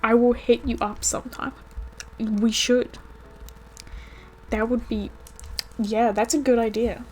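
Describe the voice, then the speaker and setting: A woman's voice: fairly high pitch, level tone, takes it slowly, long pauses, darkish tone. A woman streaming a video game who chats casually and laughs often. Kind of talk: casual gameplay commentary.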